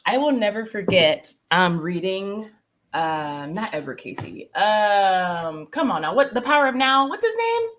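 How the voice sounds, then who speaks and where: Speaking at a measured pace, a woman with a medium-pitched, expressive, fairly bright voice hosts a relaxed livestream as a spiritual coach. She greets viewers by name, laughs a lot, and leans heavily on fillers like "like" and "um."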